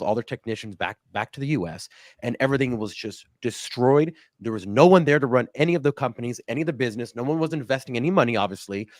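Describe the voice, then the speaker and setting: Fast-talking man hosting a political chat. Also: mid-range voice, a little mellow, dry recording, studio quality. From Cuban family. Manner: quick, repetitive restarts, blunt. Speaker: host.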